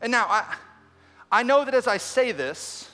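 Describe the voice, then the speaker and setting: A man preaching an Easter sermon as a pastor, energetic and conversational, with quick asides and acted-out quotes. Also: very high voice. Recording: long reverb in a large hall with faint music.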